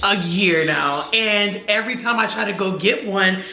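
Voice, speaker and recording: A woman's voice: mid-range voice, moderate pace, bright, forceful tone, soft background music. Gushing young woman in an echoey room. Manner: gushing, slangy, talks to viewers as y'all. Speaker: beauty vlogger. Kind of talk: excited unboxing vlog.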